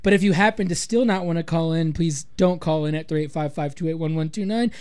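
High-voiced joking radio host man. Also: quick pace, smooth. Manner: joking, deadpan sarcasm. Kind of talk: casual radio banter. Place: community radio studio.

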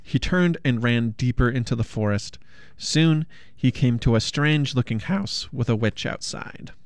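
A storyteller reading a funny fairy-tale picture book aloud in a playful, expressive way. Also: medium pitch, a little slow, smooth, no room sound.

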